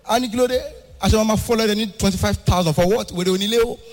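A young adult Nigerian man from Ibadan performing stand-up comedy, animated, swinging between shouting and a sing-song delivery. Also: high-pitched, rapid-fire, big-room sound, soft background music.

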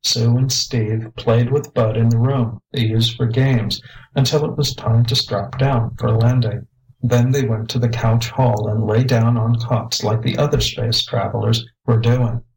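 A man's voice: mid-range voice, fairly even intonation, measured pace, gravelly, darkish tone, low-quality recording. A man steadily reading a children's space adventure story aloud. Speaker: narrator.

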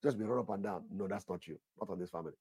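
Husky-voiced fervent male preacher. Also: low voice, very fast, mellow, dry recording. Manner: fervent, repetitive, addresses listeners as sir. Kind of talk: sermon. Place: church altar session.

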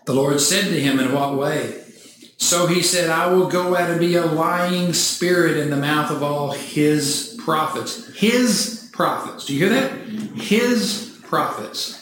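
A man preaching a sermon, reading scripture aloud and breaking into animated, mock-cheering asides. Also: fairly high pitch, slow. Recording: echoey church hall, faint noise.

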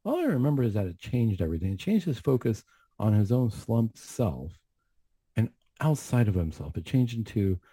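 A man's voice: fairly low pitch, very animated, normal speed, warm tone, slightly rough, dry recording. A man who works as a counselor, giving an earnest, reflective faith testimony on a talk show with many asides. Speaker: mental health counselor.

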